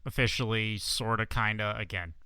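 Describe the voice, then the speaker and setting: A podcast co-host chatting about football in a slow, amused way, laughing often. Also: mid-range voice, sharp tone, clean tone, no room sound. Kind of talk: casual sports chat.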